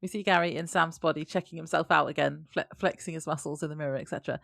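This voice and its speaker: Woman, low gravelly voice, dry close mic, chatty and quick to laugh. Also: steady tone, a bit bright, no echo. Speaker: podcast co-host. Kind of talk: casual recap chat.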